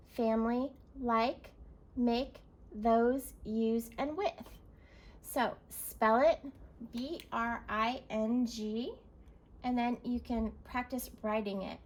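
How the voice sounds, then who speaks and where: A woman's voice: a little high, rough recording. A woman teacher leading a recorded reading lesson for young children, encouraging and spelling words out letter by letter.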